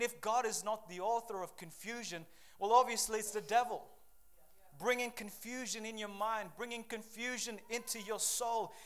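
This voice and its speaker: A man preaching an energetic sermon, reading Bible verses and calling out to the congregation for a response. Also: sits high.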